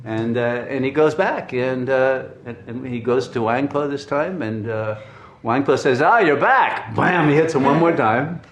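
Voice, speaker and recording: Male spiritual teacher, mid-pitched, chuckles as he tells stories, recorded in an echoey room. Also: a little slow, few pauses, a little hiss or hum. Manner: chuckling, animated storytelling with restarts. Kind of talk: storytelling dharma talk.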